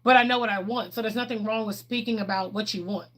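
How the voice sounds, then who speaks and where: A woman's voice: mid-range voice, steady tone, fast talker, a bit bright. A middle-aged woman, chatting candidly on a livestream and answering viewers' questions, laughing often. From Texas, USA. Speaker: livestream host.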